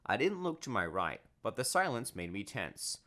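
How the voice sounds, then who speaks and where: A man narrates an animated story in the first person, with a lively, animated telling. His voice sits on the low side, yet it sounds bright and crisp. The pitch swings widely from line to line. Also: moderate pace.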